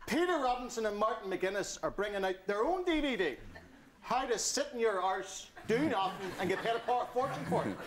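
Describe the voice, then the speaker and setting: Animated Northern Irish comedy panelist. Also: male voice, sits high, a little fast, a crowd in the background. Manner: animated, mocking, digressive storytelling. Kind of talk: stand-up style rant.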